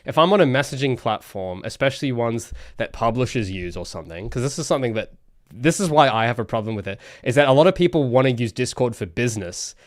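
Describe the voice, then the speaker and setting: Young male streamer, ranty and self-interrupting, mid-pitched, dead-dry mic. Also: animated, quick pace, no room sound. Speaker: solo game developer streaming. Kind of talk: casual livestream chat.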